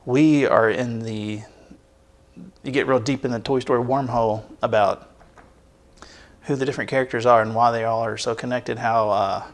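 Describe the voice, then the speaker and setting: A man with a gravelly, creaky voice rambles through a relaxed podcast chat. He piles on fillers and restarts as he talks, loose and conversational. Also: mid-range voice, normal speed, long pauses. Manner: rambling, chatty, with many fillers. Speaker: podcast co-host and producer. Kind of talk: casual chat.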